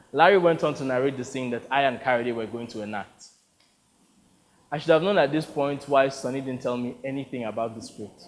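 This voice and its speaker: A man's voice: mid-range voice, fairly quick, long reverb tail, a little hiss or hum, low-quality recording. A man narrating an audiobook in a dry, wry storytelling manner.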